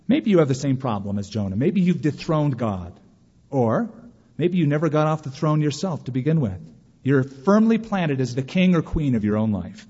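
A man preaching a sermon as pastor, animated and sometimes mimicking whiny voices for emphasis. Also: mid-range voice, brisk, husky. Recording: dull sound with long reverb of a hall.

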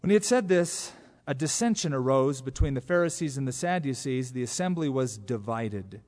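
A pastor preaching an expository sermon, animated, acting out quotes from scripture in different voices. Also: male voice, medium pitch, normal speed. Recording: long hall reverb.

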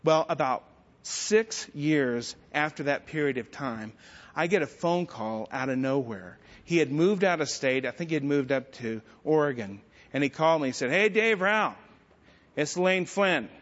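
A man's voice: medium pitch, moderate pace. A middle-aged male pastor preaching a sermon, telling stories with self-deprecating humor. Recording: dull sound with long church-hall reverb.

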